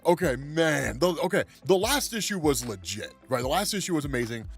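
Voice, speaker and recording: Excitable man in his thirties. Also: on the high side, a little fast, soft background music. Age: 30s. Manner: excitable, animated, full of fillers and slang. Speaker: comics explainer host. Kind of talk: excited casual commentary.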